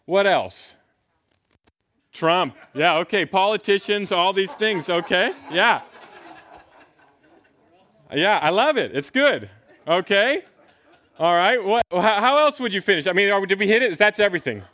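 A middle-aged male pastor preaching with a lively, swooping delivery that rises and falls a lot. He talks playfully and keeps tossing questions back at the congregation. His voice sits a little high for a man. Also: a little slow, long pauses, no echo. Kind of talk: sermon.

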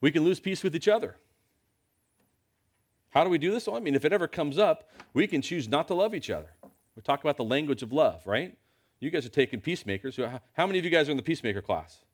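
A man's voice: fairly high pitch, expressive, fast talker. A man preaching a sermon in a church, talking to his congregation in a conversational way with lots of rhetorical questions.

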